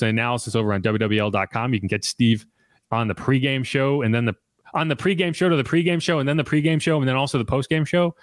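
A man's voice: medium pitch, fairly bright tone, no room sound, studio quality. A man hosting a sports podcast, talking loosely and conversationally with frequent restarts. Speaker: podcast host and sports reporter. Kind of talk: casual sports podcast chat.

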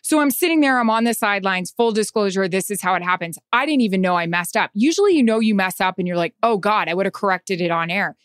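Anxious animated woman telling a story. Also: mid-range voice, quick pace, hardly any pauses, clear, resonant tone, no room sound, clean studio sound. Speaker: sideline reporter. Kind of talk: casual chat.

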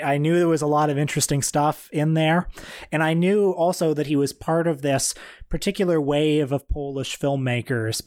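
A man talks through a director's films on a podcast in a steady, measured way, now and then tripping over a word. His voice sits in an ordinary middle range. The sound is close and dry, with no room in it. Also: mid-range voice, no room sound. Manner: measured, reads quotes aloud, occasional stumbles. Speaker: podcast co-host. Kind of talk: casual film discussion.

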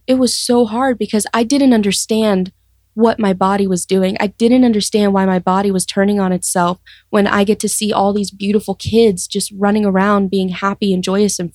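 A young woman sharing her life story in an interview, earnest and reflective, often pausing and restarting. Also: mid-range voice, darkish tone, dry recording, clean studio sound. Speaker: guest sharing testimony. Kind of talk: personal testimony interview.

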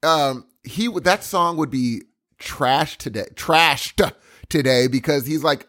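A man co-hosting a podcast in casual, excitable chat, teasing and laughing a lot. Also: on the high side, slow. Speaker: podcast co-host.

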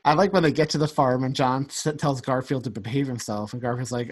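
A male co-host talking casually on a podcast. He has a middle pitch and laughs often as he goes over favorite scenes. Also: fairly quick, a little hiss or hum. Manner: laughs often while acting out quotes. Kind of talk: casual chat.

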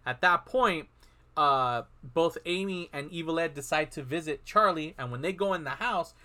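A man with a bright, slightly high voice co-hosts a casual film podcast. He retells the plot in a loose, chatty way and briefly acts out each character's lines as he narrates. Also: moderate pace. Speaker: podcast co-host. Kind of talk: casual film recap chat.

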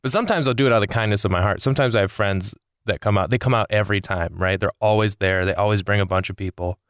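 A man's voice: on the low side, fast talker, no echo, studio quality. A comedian hosting his own podcast, ranting casually and with exasperation, swearing and rambling through a comic monologue.

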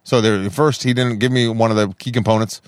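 A man's voice: fairly low pitch, fairly even intonation, fairly quick, no echo, clean studio sound. A man co-hosting a podcast, chatting casually in a rambling, self-deprecating way and swearing freely. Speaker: podcast co-host. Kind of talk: casual chat.

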